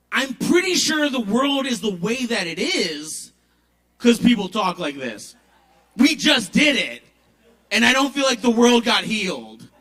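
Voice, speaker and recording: High, bright-voiced stand-up comic. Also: male voice, very animated, unhurried. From Maryland. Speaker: comedian. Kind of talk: stand-up comedy. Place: kava bar open mic.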